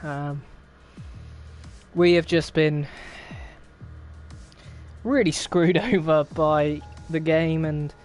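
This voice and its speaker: A man's voice: fairly high pitch, fairly even intonation, very slow, pauses often, a little mellow, faint music behind. A young man hosting a racing league stream, chatting casually in a wry, rambling way and laughing often. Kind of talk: casual live-stream chat.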